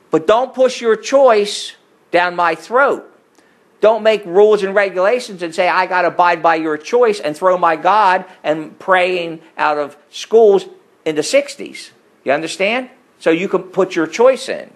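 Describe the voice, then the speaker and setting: A man's voice: expressive, a little slow, rough recording. Emphatic man preaching. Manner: emphatic, rising to forceful peaks and dropping to low asides. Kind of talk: sermon with storytelling.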